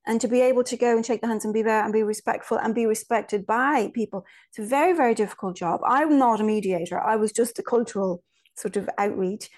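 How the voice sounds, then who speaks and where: A woman's voice: a little high, fast talker, darkish tone. A woman from Ireland, a guest in a casual interview, telling stories in a chatty way with many restarts and asides.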